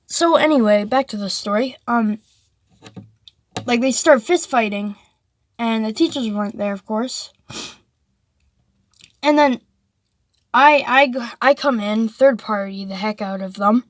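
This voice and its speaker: Woman, casual rambling story, slightly high voice, dry close sound. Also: unhurried, pauses often, dry recording. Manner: rambling, full of "like" and restarts.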